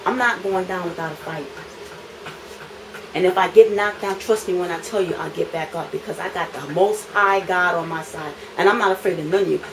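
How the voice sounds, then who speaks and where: A woman's voice: fairly low pitch, fairly quick, background noise. A woman, filming an impassioned complaint in her apartment, talking indignantly and repeating phrases for emphasis.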